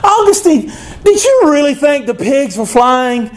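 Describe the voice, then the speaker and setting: A preacher voicing teasing young schoolboys who mock their friend, in a raised, drawn-out sing-song. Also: male voice, extremely high pitch, very animated, voice pushed up, heavily acted.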